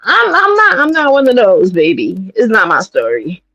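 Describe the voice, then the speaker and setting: A woman from New York City hosting a livestream, talking in a blunt, profane and animated way as she gives her commentary. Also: mid-range voice, normal speed, no room sound, lo-fi sound. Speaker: streamer host.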